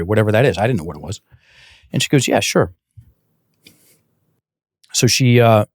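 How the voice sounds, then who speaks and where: A man as a podcast guest, telling a coaching story in a casual, animated way, often restarting sentences and acting out dialogue. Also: on the low side, dry recording, clean studio sound. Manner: animated, many restarts, acts out quoted dialogue. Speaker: guest, breathwork and mindset coach.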